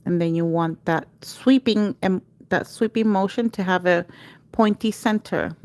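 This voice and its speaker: Slow, low-voiced woman teaching nail art. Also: darkish tone, dry recording. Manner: patient step-by-step instruction, chanting repeated cue words. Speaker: nail artist teaching a live class. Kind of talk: livestream tutorial.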